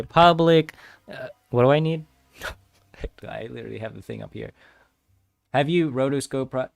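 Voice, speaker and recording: A man's voice: medium pitch, no room sound. Laughing, easily distracted young man streaming. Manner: rambling, easily distracted, laughs a lot, chats with viewers. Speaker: game dev streamer. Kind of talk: casual live-stream chat while coding.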